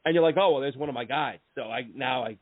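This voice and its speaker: Talking fast in a medium-pitched voice, this podcast host rambles through animated sports stories, restarting often and wandering into asides. The audio is dry and tinny like a phone line, with no echo.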